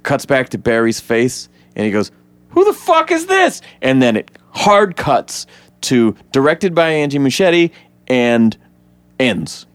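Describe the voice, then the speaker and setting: A man co-hosting a casual podcast, retelling a film scene by scene with lively acted-out quotes and frequent swearing. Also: unhurried, clean tone, no room sound. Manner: animated retelling, acts out quotes in high voices; swears freely. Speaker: podcast co-host. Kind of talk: casual movie breakdown chat.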